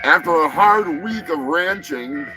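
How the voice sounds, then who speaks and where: Man, high voice, slow unhurried delivery, crude comic news host, faint music behind. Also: lively intonation, rough recording. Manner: profane, rowdy, breaks into shouting bits. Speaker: show host. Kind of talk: comedic news rundown, live show.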